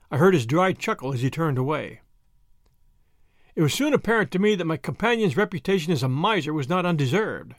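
A man giving a scripted audiobook narration in a measured storytelling delivery. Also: a little high, animated, no room sound, clean studio sound.

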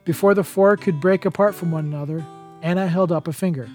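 A man reading a chapter of a holiday novel aloud as a podcast narrator, in a steady, even storytelling manner. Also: high voice, fairly quick, faint music behind. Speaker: podcast reader. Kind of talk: audiobook narration.

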